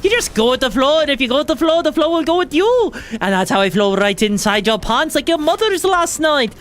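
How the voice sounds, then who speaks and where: A woman's voice: high-pitched, very animated, a little fast. A woman putting on a cheeky mock-Irish taunter. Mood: taunting. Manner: taunting, singsong, says "wee bit" a lot. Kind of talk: joking put-on voice while gaming.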